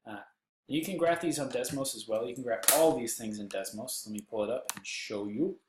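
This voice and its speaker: A man's voice: mid-range voice, a little fast, roomy sound, background noise. Joking man with a Texan accent teaching math. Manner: joking asides, playful silly voices. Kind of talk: recorded math lesson. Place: indoors, seated.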